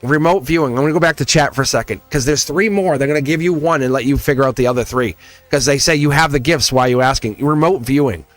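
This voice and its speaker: A man's voice: medium pitch, fast talker, soft background music. A man with a Southern accent, reading tarot on a casual livestream and talking straight to his viewers, laughing often. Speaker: tarot reader.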